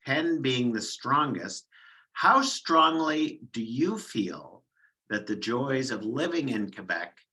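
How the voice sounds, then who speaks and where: A man interviewing a guest over a video call, asking questions in a measured, deliberate way. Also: mid-range voice, sharp tone, rough recording.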